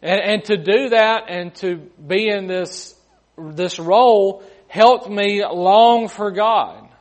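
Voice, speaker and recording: High-voiced folksy preacher. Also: male voice, slow. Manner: folksy, repeats words, humorous asides. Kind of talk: sermon.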